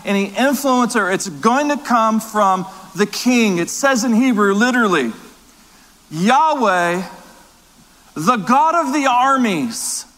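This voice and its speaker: Emphatic high-voiced male pastor, echoing hall. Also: lively intonation, takes it slowly, fairly bright tone. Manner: emphatic, repetitive preaching with restarts. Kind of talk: sermon. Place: large church hall.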